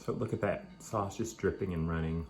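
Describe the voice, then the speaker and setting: Low-voiced man chatting while eating. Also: a little fast, a little hiss or hum. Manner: chatty, rambling, talking between bites. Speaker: vlog host. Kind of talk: casual chat while eating. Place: at home.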